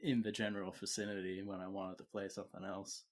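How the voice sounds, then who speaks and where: A man's voice: sits low, little pitch movement, quick pace. A man co-hosting a gaming podcast in casual chat, making wry joking asides. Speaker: podcast co-host.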